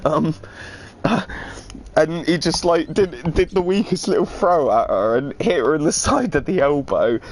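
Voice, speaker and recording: A man's voice: on the high side, lively intonation, measured pace. A man in casual, rambling, profane chat, telling funny stories. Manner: rambling, profane, laughing storyteller. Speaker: streamer.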